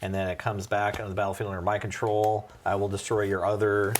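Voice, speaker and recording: A man's voice: fairly low pitch, monotone, fast, heavy background noise. A man chatting casually as he plays a card game on a stream, explaining each rule step by step and laughing easily. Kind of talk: casual chat while playing a card game.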